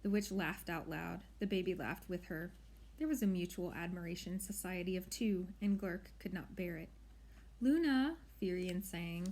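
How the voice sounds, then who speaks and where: A woman narrating an audiobook in a measured, expressive storytelling way. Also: fairly low pitch. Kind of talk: audiobook reading.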